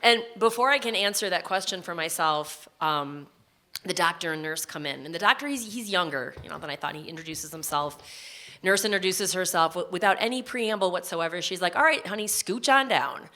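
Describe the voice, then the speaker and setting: Bright-voiced woman telling a story on stage. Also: on the low side, a little fast. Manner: vivid, present-tense, emotional retelling. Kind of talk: personal story told on stage.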